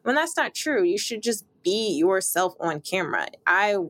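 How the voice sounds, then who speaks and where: A woman's voice: medium pitch, sing-song, normal speed, a bit bright. A young woman sports reporter, interviewed, talking in upbeat, emphatic bursts with occasional laughs.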